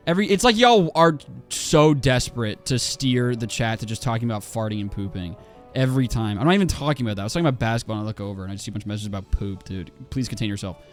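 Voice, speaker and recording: A man in his twenties ranting casually on a livestream while he plays a game, swearing a lot and full of fillers and restarts. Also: medium pitch. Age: 20s.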